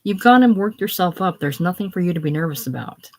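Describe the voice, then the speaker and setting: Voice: medium pitch, expressive, fast talker. A drunken, bossy prison warden, as a reader does him. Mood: gruff. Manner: gruff, then purring.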